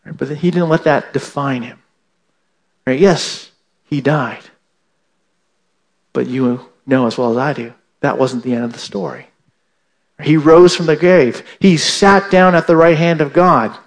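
Male pastor, higher voice, sermon delivery, punctuates with "right?", repeats key lines. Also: unhurried, pauses often. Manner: repeats "right?" to the congregation, emphatic restatements; acts out imagined indignant listeners with a raised voice.

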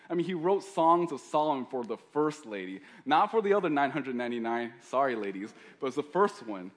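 Male pastor preaching, chatty and jokey, mid pitched voice. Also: sing-song, a little fast, few pauses. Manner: joking, conversational preaching. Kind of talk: sermon.

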